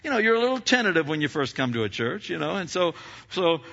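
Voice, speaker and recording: A man tells a story from the pulpit, stumbling and repeating words as he builds it up. His voice is bright and forceful and sits a little high for a man. The recording sounds slightly dull and lo-fi. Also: sing-song, fast, creaky. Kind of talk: sermon storytelling.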